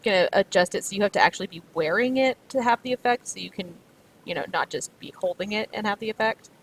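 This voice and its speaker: A woman's voice: medium pitch, expressive, fast talker, a little hiss or hum, poor audio. Chatty woman running a tabletop game. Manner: chatty, full of fillers and restarts. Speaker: game master.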